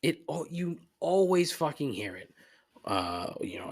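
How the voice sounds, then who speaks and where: A man's voice: fairly high pitch, very animated, measured pace, creaky. Profane middle-aged man griping. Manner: profane, rambling, griping, frequent laughs and asides. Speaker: podcast host. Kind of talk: casual comedic rant.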